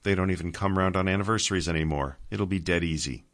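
A man's voice: deep voice, fast talker, fairly bright tone. A man voicing a blunt, devoted old man over 60 in a storybook reading. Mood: earnest. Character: old man, devoted, gruff, loving friend.

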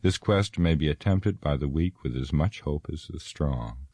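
A man voicing a wise, ancient elf lord who speaks gravely and with sorrow. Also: rumbling low, moderate pace, warm tone, no echo. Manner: grave, lofty, sad.

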